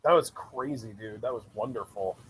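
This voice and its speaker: A man co-hosting a live reaction show, expressive and laughing, with swooping exclamations. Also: medium pitch, moderate pace, a crowd in the background. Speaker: co-host reacting to a wrestling broadcast.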